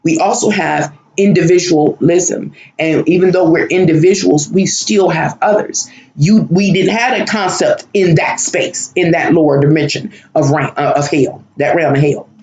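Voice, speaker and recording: A spiritual vlogger with a higher-pitched, steady, darkish voice describes a dream in an emotional, searching monologue. He halts, repeats himself often, and trails off. The room echoes, with slight background noise and rough recording quality.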